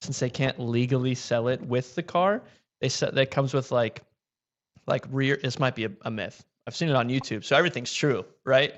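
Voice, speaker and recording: A man's voice: mid-range voice, normal speed. Joking man on a lo-fi livestream. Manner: joking, reads viewer comments aloud. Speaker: livestream co-host reading chat. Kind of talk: casual livestream chat.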